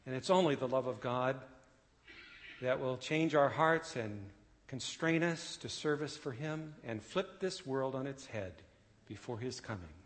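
A man preaching a sermon, telling a story with dramatic swells that drop to a hushed close. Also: mid-range voice, lively intonation, unhurried, slight background noise. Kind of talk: sermon illustration and closing. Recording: long church reverb with faint guitar. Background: soft guitar music.

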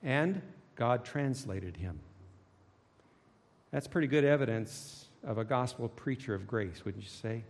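A man preaching a sermon, swinging dramatically between hushed low tones and loud shouting. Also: animated, measured pace. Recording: long hall reverb.

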